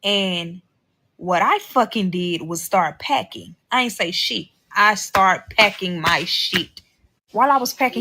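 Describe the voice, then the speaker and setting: A woman's voice: medium pitch, lively intonation, normal speed, sharp tone. A young woman telling a personal story from a social media clip, blunt and swearing freely. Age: young adult. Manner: blunt and heavy on cursing. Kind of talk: casual storytelling.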